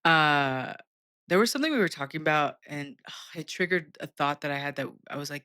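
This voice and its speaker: A young woman with a bright, forward voice, joking around in casual podcast banter. She talks loosely and jumps from thought to thought. The sound is close and dry with no room echo. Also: low-pitched, expressive, fairly quick. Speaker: podcast co-host. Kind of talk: casual chat.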